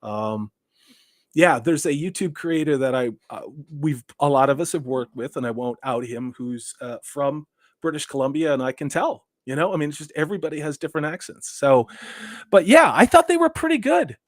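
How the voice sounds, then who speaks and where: A man's voice: mid-range voice, moderate pace, no echo, studio quality. A man hosting a casual livestream, reading out chat comments and riffing on them with rambling, sarcastic asides.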